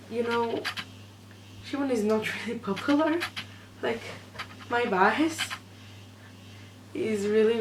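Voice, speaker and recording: A woman who is not a native English speaker, talking in an emotional, hesitant vlog from her room at night, full of fillers and restarts. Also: medium pitch. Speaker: fan vlogger. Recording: echoey room, noisy background.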